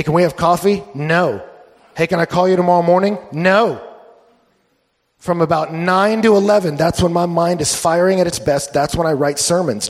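A pastor delivers a sermon with an animated delivery that swings between loud bursts and hushed tones. His voice sits a little high and carries a gravelly, fry-laden texture. The sound rings with the long reverb of a large hall.

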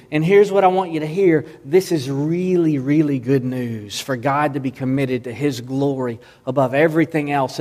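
A man's voice: fairly high pitch, darkish tone. A man preaching a sermon as pastor, earnest and emphatic, often restarting his words.

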